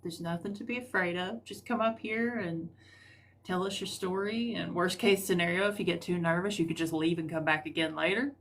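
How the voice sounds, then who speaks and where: A woman's voice: lowish voice, a little fast, fairly bright tone. Chatty, rambling Southern woman host. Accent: rural Southern US. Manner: chatty, rambling, full of ums and trailing thoughts. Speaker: host of a live paranormal call-in stream. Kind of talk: casual live-stream chat.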